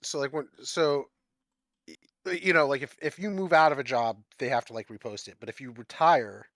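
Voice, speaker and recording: A man chatting casually as a tabletop player, soft-spoken and hesitant, often restarting his sentences. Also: medium pitch, normal speed, no echo. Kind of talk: casual chat.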